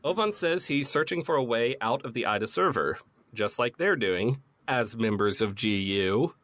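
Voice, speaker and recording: A man casually recapping a video game's story on a podcast, swearing freely and retelling scenes with quick quotes. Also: medium pitch, expressive, a bit bright. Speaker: podcast host recapping a game. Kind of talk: casual chat.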